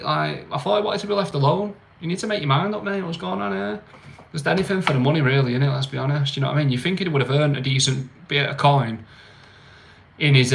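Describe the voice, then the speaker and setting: A man's voice: fairly high pitch, creaky, fairly bright tone. A young man with a slangy, mocking manner, chatting casually on his own livestream. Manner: slangy, mocking, laughs often. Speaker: livestream host.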